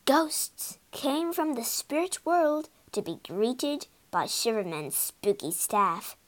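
Expressive woman reading a storybook. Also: high voice, slow pace. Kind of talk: storybook narration for learners.

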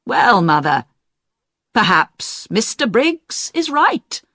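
Woman voicing a grown son, patronizing, slow and coaxing, dry close sound. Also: a little high, sing-song, pushed and bright, no echo, pitched above the performer's own voice, exaggerated voice.

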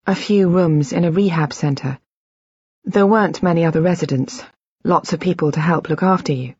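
A patient, careful male doctor, as a woman narrator reads him. The voice sits low and a little husky, with a slightly muffled, lo-fi sound. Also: normal speed, a little mellow, no echo. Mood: explaining.

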